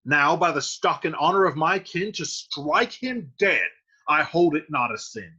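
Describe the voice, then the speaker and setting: A man's voice: fairly high pitch, expressive, measured pace, bright, forceful tone, slightly rough, highs cut off, voice pushed up, heavily acted. A man voicing a hot-tempered young nobleman itching for a fight, declaiming his lines with fierce indignation. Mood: furious.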